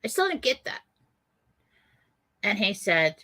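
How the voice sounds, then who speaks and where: A woman hosting a radio show tells a personal story in a casual, chatty way. Her voice is bright and her pitch moves a lot. She laughs often and fills her pauses with "um". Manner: animated, laughing often, many fillers.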